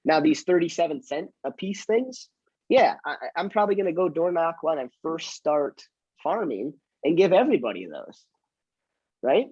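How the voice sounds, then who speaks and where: A man's voice: on the high side, sing-song, moderate pace, a little mellow, slightly rough, no room sound, lo-fi sound. A man who works in real estate, chatting casually and teaching, self-mocking and acting out his door-knocking lines. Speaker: real estate agent and trainer.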